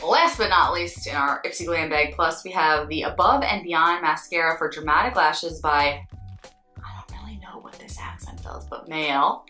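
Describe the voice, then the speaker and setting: A woman's voice: low-pitched, pushed and bright. A young woman, a beauty vlogger and makeup artist, chatting candidly with wry asides as she unboxes products. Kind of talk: casual unboxing chat. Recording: roomy echo, faint background music.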